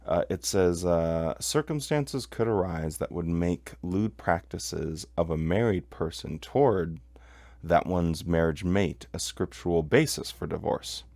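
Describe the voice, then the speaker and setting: A podcast host with a deep, darkish voice speaks a little slowly, with no room sound. On his commentary show about religious texts, he reads quoted passages aloud and then argues against them with heated emphasis.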